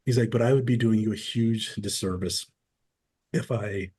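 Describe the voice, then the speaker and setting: Podcast guest, man in his forties, lowish voice, easygoing storyteller who slips into the voices of the people he quotes. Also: moderate pace, breathy edge. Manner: relaxed storyteller who acts out quoted dialogue. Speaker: podcast guest, former military. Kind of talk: casual interview storytelling.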